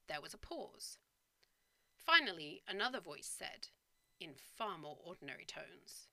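A woman teaching English to learners, reading a play and a novel aloud and explaining the words clearly and patiently. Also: lowish voice, sing-song, a little slow, sharp tone, no room sound. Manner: clear and patient, with light laughs.

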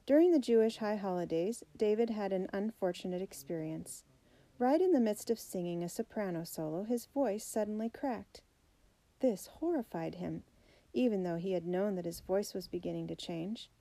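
A woman reading a children's biography aloud in a steady, clear storybook narration. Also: medium pitch, normal speed, dry recording, rough recording. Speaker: audiobook reader.

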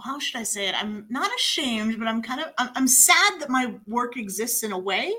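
Woman accent coach chatting on the radio, lots of mm-hmms, bright tense voice. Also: on the high side, normal speed, breathy edge. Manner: animated, many affirming mm-hmms. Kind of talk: casual radio conversation.

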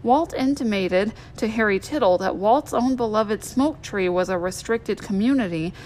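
A woman reads a biography aloud in a measured audiobook style, now and then repeating a word as she goes. Her voice sits at an ordinary middle pitch. A faint hiss runs under the recording. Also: poor audio. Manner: steady reading with occasional small repeats and restarts. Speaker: audiobook reader.

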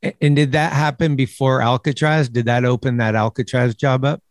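A man's voice: medium pitch, steady tone, a little fast. A man interviewing a guest, mostly short reactions and casual questions.

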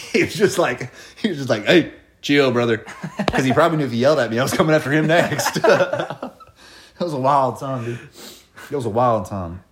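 A man's voice: mid-range voice, normal speed, a little hiss or hum. A man in his twenties telling stories in casual chat, swearing freely and laughing as he goes. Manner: profane, animated storytelling with laughs. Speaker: podcast co-host telling stories.

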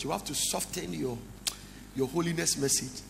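A high, gravelly man's voice preaches a sermon in a church hall. He breaks into song and local words as he drives his point home. The sound rings with long reverb, and a faint room hum sits behind it. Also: animated, moderate pace, pushed and bright. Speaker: pastor. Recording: echoey hall with faint ambience.

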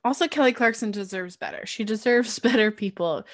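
A woman's voice: a little high, a little fast. A woman co-hosting a podcast in casual chat, blunt and sarcastic, swearing freely. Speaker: podcast co-host.

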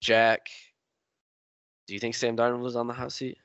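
A man's voice: mid-range voice, completely flat delivery, moderate pace, a bit bright, clean tone, no echo. A man hosting a casual sports podcast, giving his picks and handing the floor to each guest. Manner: leads the talk, hands off to each guest. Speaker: podcast host.

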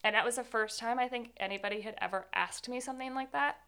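Candid young woman with a gravelly voice. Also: on the high side, fast, pushed and bright. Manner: candid, earnest, says 'like' often. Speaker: guest. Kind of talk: personal storytelling interview.

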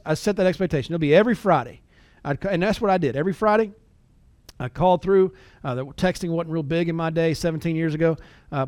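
A middle-aged man coaches salespeople in a relaxed, anecdotal way, stumbling over repeated words and slipping into quick acted phone calls. His voice sits a bit high for a man. The sound is dry, with no room echo. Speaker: sales trainer. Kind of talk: conversational training talk with anecdotes.

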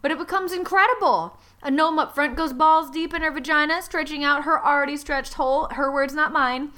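A woman hosting a comedy podcast, recapping a story aloud with sarcastic deadpan asides. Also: high-pitched, a little fast.

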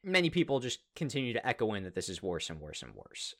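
A male podcast co-host with a lively, bouncing pitch, chatting casually about baseball. He jokes and laughs easily as he teases his partner. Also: fast. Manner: joking, laughs often. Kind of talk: casual sports chat.

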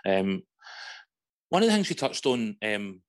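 A man's voice: fairly low pitch, big pitch swings, measured pace. A man with a Scottish accent co-hosting a podcast, asking questions in a thoughtful, rambling way with many fillers. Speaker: podcast co-host. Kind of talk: casual interview chat.

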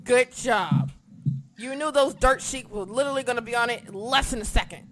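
Excitable podcast host swearing freely. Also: medium pitch, fast talker, a little hiss or hum. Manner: excitable, swears, acts out reactions. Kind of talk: casual wrestling recap chat.

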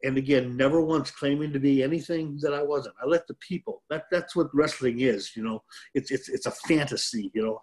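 A man's voice: medium pitch, a little fast, darkish tone. An older man from Detroit, a former pro wrestler, telling a rambling, self-deprecating story as a guest on a chat show. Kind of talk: casual storytelling.

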